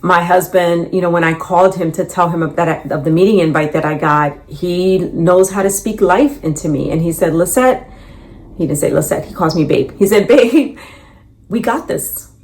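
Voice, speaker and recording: A woman's voice: on the low side, normal speed. Middle-aged woman recounting a layoff. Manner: animated, quotes others in dialogue. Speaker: laid-off employee telling her story. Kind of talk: storytelling in a reacted clip.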